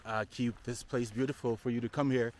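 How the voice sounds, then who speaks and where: A man's voice: medium pitch, steady tone, brisk, darkish tone. Man hiking vlogger, out of breath, casual and jokey with his viewers, recorded outdoors on a handheld camera. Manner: chatty and joking, addresses viewers as y'all. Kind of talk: casual vlog talk to camera. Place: outdoors on a mountain trail.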